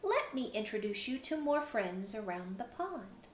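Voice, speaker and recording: A woman voicing a calm, wise female farm cat in a clear, measured voice, recorded in an echoey room. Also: mid-range voice, a little hiss or hum. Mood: calm welcoming. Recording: roomy echo.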